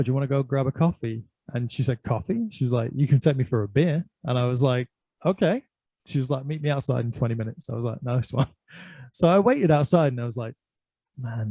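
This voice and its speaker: A man's voice: medium pitch, creaky, warm tone, no echo. A middle-aged man telling a long, rambling personal story in casual chat, laughing often and filling gaps with "like" and "um".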